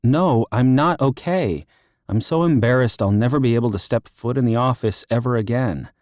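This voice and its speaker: A man's voice: on the low side, animated, warm tone, dry recording. A man reading an audiobook, voicing an anxious young female teacher who is flustered, self-deprecating and close to tears. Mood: embarrassed. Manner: teary, self-deprecating, rushed. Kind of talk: audiobook character voice.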